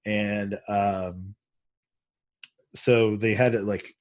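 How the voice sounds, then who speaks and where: A man's voice: lowish voice, level tone, drawn-out words, no room sound. A man hosting a casual chat, rambling through a story with many fillers and restarts. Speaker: podcast host. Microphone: video call.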